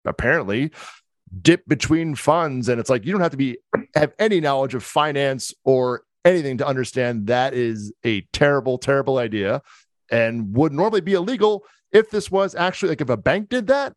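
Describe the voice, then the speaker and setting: A man chatting on a podcast in a rambling, loose way, full of restarts and fillers. His voice sits in an ordinary middle pitch. The sound is very dry and close. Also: moderate pace, no echo. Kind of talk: casual podcast chat.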